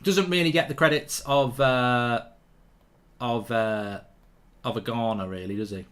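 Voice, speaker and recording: A man hosting a live football watchalong, reading viewer comments aloud and answering them with quick, opinionated asides. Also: medium pitch, steady tone, fairly bright tone. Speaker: host.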